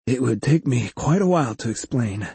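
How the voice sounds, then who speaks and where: A man voicing a patient, kindly male cybersurgeon in an audiobook story, speaking in a gentle, reassuring way. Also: medium pitch, lively intonation, normal speed, slightly rough, dry recording.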